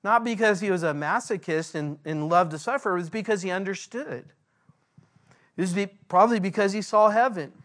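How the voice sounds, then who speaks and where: A man, a pastor, giving a verse-by-verse Bible teaching in an earnest way, slowing down when he reads scripture aloud. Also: high-pitched, a bit bright.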